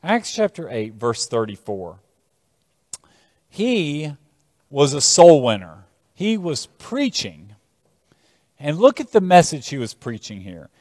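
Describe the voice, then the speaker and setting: A male preacher delivers a sermon, telling scripture as lively stories and leaning hard on key words. His voice sits fairly high. It rings out with a long reverb through a large church hall. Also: slow pace, long pauses. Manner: animated storytelling, shifting emphasis.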